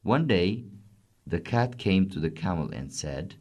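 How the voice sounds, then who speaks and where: Guy reading a kids' story, really deep voice, slow and simple. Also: animated, darkish tone. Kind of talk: children's story narration.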